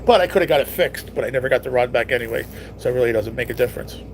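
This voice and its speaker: A man's voice: medium pitch, very fast, a little hiss or hum. A young man hosting a casual live stream at home, reading viewer comments and chatting in a laid-back, teasing way with plenty of swearing.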